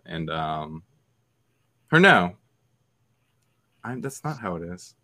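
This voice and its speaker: A man talks about a favorite movie in easygoing, casual chat. His pitch moves around a lot, and he laughs off his own mix-ups. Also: big pitch swings, slow, bright, forceful tone.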